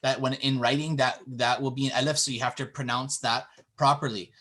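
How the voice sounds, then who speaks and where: A man teaching a classroom lesson, explaining patiently and drawing out example words slowly. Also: mid-range voice, fairly even intonation, bright, forceful tone, breathy edge. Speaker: Arabic teacher.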